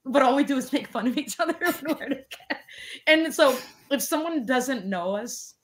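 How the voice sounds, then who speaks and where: A woman in her forties, a guest in a casual interview, telling stories with lots of fillers and lively quoted voices. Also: moderate pace. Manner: animated, many fillers, acts out quotes in a higher voice. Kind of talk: casual storytelling chat.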